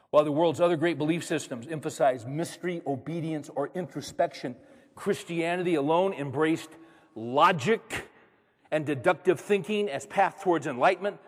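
Preaching man in an echoing hall. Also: a little high. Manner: storytelling, rising to emphatic preaching. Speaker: pastor. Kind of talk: sermon.

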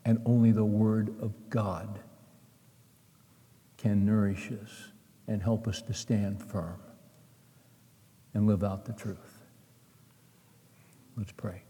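Middle-aged male pastor, earnest sermon storyteller, mellow tone, echoing church hall. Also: fairly low pitch, little pitch movement, slow, pauses often. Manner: storytelling with acted-out dialogue, earnest. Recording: long hall reverb.

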